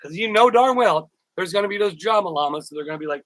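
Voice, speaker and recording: A man's voice: high-pitched, lively intonation, fast talker, hardly any pauses, dry recording, rough recording. A man hosting a casual live stream, rambling, repeating words and thanking viewers by name. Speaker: YouTuber live-stream host.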